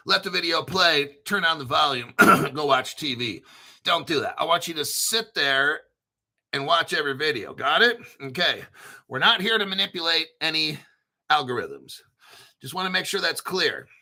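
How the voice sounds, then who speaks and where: Sharp, bright-voiced man ranting on camera. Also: a little high, lively intonation, moderate pace. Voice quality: frequent throat clearing. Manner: emphatic, repetitive, rambling, profane. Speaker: crypto channel host. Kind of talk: casual video monologue.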